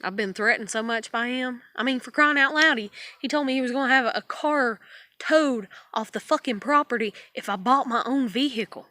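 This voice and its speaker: High-voiced frustrated woman venting. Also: moderate pace, bright, forceful tone, dry recording. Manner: swearing, exasperated, trailing off into weary sighs. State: upset and stressed. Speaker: vlogger. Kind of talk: frustrated personal vent to camera.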